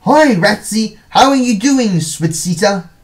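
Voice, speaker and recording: A man voicing a bold, adventurous young female mouse in a storybook, squeaky and coaxing. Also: big pitch swings, moderate pace, a little mellow. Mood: cheerful. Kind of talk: storybook character voice.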